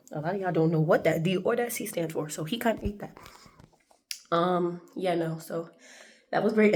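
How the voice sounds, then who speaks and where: A woman in her twenties vlogging, telling stories to the camera in a lively, chatty way and acting out the dialogue. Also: on the low side. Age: 20s. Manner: animated, acts out dialogue, laughs often. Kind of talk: casual storytelling to camera.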